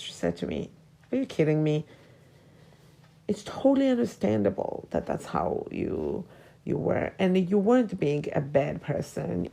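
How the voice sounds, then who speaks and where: Woman in her forties, podcast host, low husky voice, gravelly, hesitant reflective monologue, slips into whispers. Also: mellow. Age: 40s. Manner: hesitant, drops into whispers when emotional.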